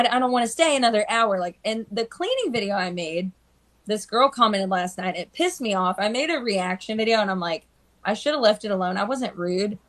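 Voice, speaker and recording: Captured on a phone mic, this live stream features a woman hairstylist talking casually in a medium pitch. She brings her stories to life, acting out the people she's quoting.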